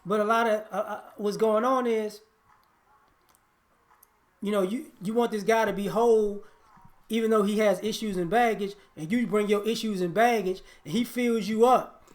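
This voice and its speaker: A man's voice: high voice, fairly even intonation, moderate pace. A man giving a blunt, preachy monologue on relationships, often repeating and restarting his words. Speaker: relationship commentator.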